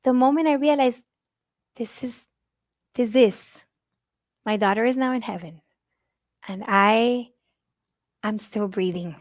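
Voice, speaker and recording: A woman's voice: medium pitch, a little mellow, dry recording, studio quality. A middle-aged woman whose first language is Spanish, giving an earnest, heartfelt talk at a conference and often repeating words as she searches for them. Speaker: conference speaker.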